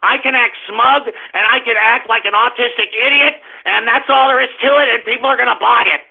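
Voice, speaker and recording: A man's voice: extremely high pitch, steady tone, fairly quick, creaky, slightly rough, heavily acted. A man putting on a smug, pompous young male pundit in a mocking impression. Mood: mocking smugness. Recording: tinny phone-line sound.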